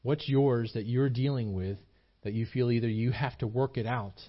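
In this dull recording, a pastor with a steady, mid-range voice speaks at normal speed. His small-church sermon is earnest and emphatic, full of repetition and restarts as he works up his points.

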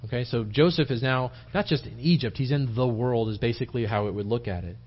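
A man's voice: medium pitch, fast talker, husky. A man giving an informal, rambling Bible-study sermon in church, often restarting his sentences and acting out quotes. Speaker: lay preacher teaching Bible study. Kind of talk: conversational sermon. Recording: dull lo-fi sermon tape.

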